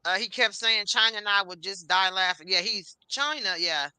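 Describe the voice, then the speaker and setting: A woman co-hosting a podcast in casual chat, frank and mocking in an animated way. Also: medium pitch, normal speed, clean tone, no echo, rough recording. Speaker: podcast co-host.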